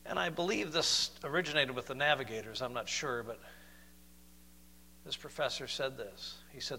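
Emphatic preacher, bright tone in a reverberant hall. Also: male voice, mid-range voice, creaky, a little hiss or hum. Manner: swings from loud emphatic declarations to soft slow intimate questions. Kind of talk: sermon.

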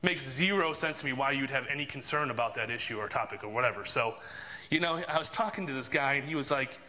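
A man's voice: medium pitch, fast, pushed and bright. A man telling a long story in casual chat, rambling with lots of fillers and restarts. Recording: long reverb.

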